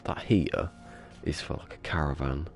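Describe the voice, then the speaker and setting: A man's voice: a bass voice, fairly even intonation, moderate pace, creaky. A man streaming a game from a small room at home, sniffly with a cold, rambling and joking to himself in casual chatter. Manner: rambling, jokey self-talk.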